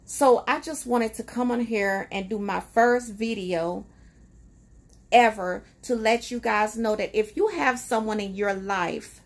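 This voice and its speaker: A woman's voice: on the high side, measured pace. A woman talking in a casual, reflective personal vlog, conversational and emotional, with frequent fillers. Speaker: vlogger.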